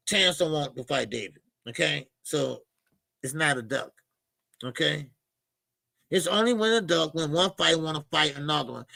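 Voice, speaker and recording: A man's voice: fairly high pitch, gravelly, bright, forceful tone, no echo. A man hosting a boxing channel, ranting in emphatic, repetitive slang and calling his listeners "baby". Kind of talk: animated boxing commentary rant.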